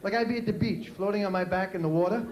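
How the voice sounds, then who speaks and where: A man with a New York accent performing a stand-up comedy routine on a club stage, delivering jokes punchily and shouting out his character bits. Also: sits high, fast. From New York City. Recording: echoey club with crowd noise.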